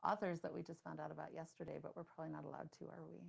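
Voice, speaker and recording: A woman's voice: deep voice, flat delivery, vocal fry, slightly rough. A woman co-hosting a livestream, talking enthusiastically and jumping in often. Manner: enthusiastic, talkative, quick to jump in. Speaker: livestream co-host. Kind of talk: casual livestream chat.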